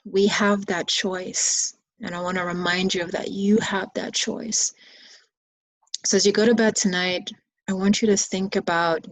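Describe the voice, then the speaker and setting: A woman as a meditation teacher, giving a guided bedtime reflection in slow, soothing, repeated phrases. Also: mid-range voice, little pitch movement, dry recording, low-quality recording.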